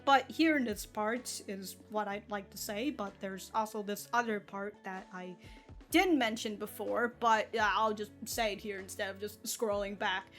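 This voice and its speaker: A woman's voice: mid-range voice, normal speed, fairly bright tone, soft background music. A woman hosting an anime reaction video, rambling in casual commentary, laughing often and swearing freely. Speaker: anime reaction channel host.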